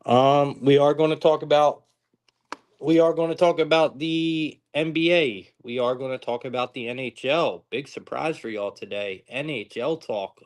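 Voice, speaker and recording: A young man hosting a live sports-betting stream, talking casually with frequent swearing and exasperated outbursts. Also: mid-range voice. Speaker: sports betting show host.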